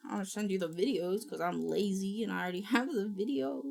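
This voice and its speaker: Slow, gravelly woman streamer muttering. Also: medium pitch, animated. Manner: mutters to herself, reads instructions aloud, swears casually. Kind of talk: casual livestream chat.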